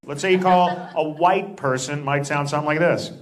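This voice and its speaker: A male stand-up comedian who delivers deadpan setups broken up by sudden loud acted outbursts. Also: a little high, a little fast. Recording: noisy live recording.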